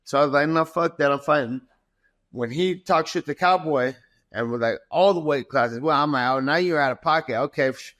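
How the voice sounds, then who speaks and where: In a relaxed interview, a thirty-something fighter guest spins animated stories full of swearing. His voice is a little high, his pace brisk, and the recording has no echo.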